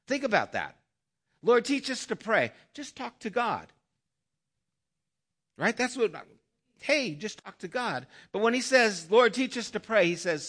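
A man preaching a sermon as a pastor, retelling a story and quietly voicing the quoted thoughts. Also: sits high.

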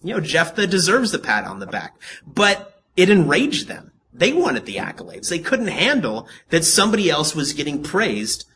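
A man's voice: on the high side, moderate pace, a little hiss or hum. Joking man preaching a casual sermon. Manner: casual, joking, lively storytelling. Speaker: pastor.

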